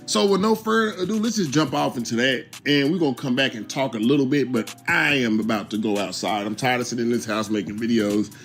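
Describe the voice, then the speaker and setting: A man's voice: mid-range voice, fairly quick, hardly any pauses, fairly bright tone, soft background music. Casual man hosting street commentary. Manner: conversational, repeats 'bro' and 'you understand me'. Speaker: YouTube commentary host.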